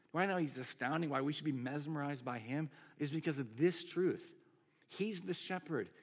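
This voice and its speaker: Male pastor, relaxed conversational sermon delivery, animated, talks straight to the congregation. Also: on the high side, fairly quick, slightly rough. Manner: conversational, animated preaching full of asides.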